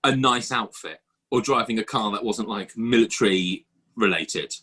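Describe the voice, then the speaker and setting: A man's voice: lowish voice, normal speed, fairly bright tone, breathy edge. A man co-hosting a podcast, telling rambling self-mocking anecdotes. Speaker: podcast co-host. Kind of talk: casual banter.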